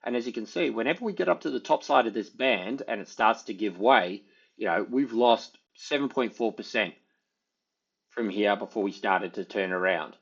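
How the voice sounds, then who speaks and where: A man's voice: fairly low pitch, moderate pace, gravelly, breathy edge, highs cut off. A man giving casual, rambling market commentary, thinking aloud with many fillers as he talks through charts. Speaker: market analyst.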